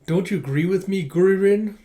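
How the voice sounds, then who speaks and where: A man's voice: high-pitched, brisk, dark tone, voice pushed up, natural voice. Vain pretty-boy young apprentice, conceited and teasing, read by a man.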